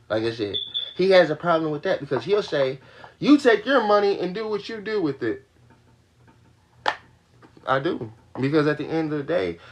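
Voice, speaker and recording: On the high side and a bit bright, the young man's voice carries his angry, cursing tirade to the live audience, with points repeated in a rush.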